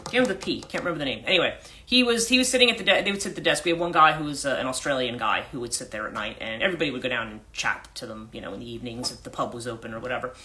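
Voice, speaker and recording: Very fast and sharp, this woman's very deep voice has a lively lilt. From the USA, she mixes a central New Jersey accent with a British one while rambling casually as a livestream life coach, full of false starts and fillers.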